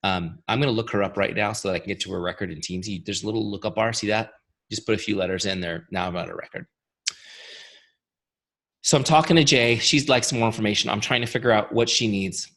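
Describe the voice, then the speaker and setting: A man with a tired, fading voice gives an energetic webinar training, chatty and full of rhetorical questions. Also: fairly low pitch, quick pace. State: losing his voice. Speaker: software founder giving a training webinar.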